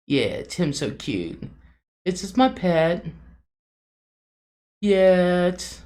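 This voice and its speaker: A woman's voice: lowish voice, sing-song, very slow, long pauses, darkish tone. A middle-aged woman hosting a casual livestream, chatty and homey, greeting viewers by name and laughing often. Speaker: livestream host.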